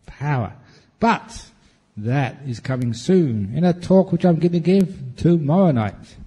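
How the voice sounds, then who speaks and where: A man, a Buddhist monk, answering meditation questions at a retreat in a playful, humorous, relaxed way. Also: a little high, measured pace, breathy edge. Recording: long hall reverb.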